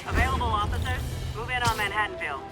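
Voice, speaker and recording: Man as a fast official police radio dispatcher, high, loud music under. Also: lightly acted. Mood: brisk. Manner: brisk, official. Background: loud game music.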